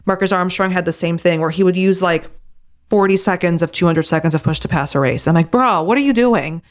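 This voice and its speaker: A woman co-hosting a podcast in casual chat, excited and rambling, swearing casually. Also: fairly low pitch, fast. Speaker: podcast co-host.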